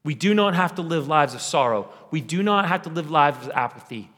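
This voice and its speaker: Impassioned preacher in a reverberant sanctuary. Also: male voice, on the high side, lively intonation, brisk, a bit bright. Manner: impassioned, repetitive preaching cadence. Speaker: pastor. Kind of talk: sermon. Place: church sanctuary.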